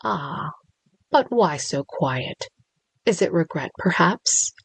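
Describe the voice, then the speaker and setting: A woman's voice: fairly low pitch, expressive, unhurried, no room sound. A woman voicing a smug male crime boss villain with a lilting, sing-song voice, teasing and crooning with mock sympathy.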